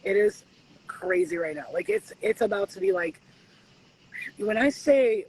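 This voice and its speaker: A woman giving spiritual readings at home in a casual live-stream chat, animated and swearing freely as she acts out conversations with spirits. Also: mid-range voice, moderate pace, husky, low-quality recording. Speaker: spiritual reader.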